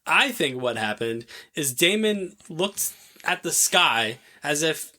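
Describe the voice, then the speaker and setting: A man co-hosting a podcast, casually recapping a TV show, laughing often and acting out characters' lines in quick offhand voices. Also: a little high, big pitch swings, pushed and bright. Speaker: podcast co-host.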